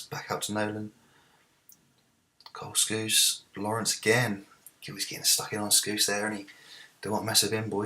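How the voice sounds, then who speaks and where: A man hosting a let's-play, commentating on a football management game and shouting at the big moments. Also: on the low side. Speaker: gaming video host.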